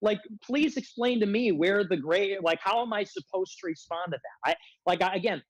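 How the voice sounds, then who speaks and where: A man's voice: high-pitched, normal speed, no echo, poor audio. A man ranting as a guest on a livestream, confrontational and self-described as a hothead, repeatedly demanding answers. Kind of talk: heated casual rant.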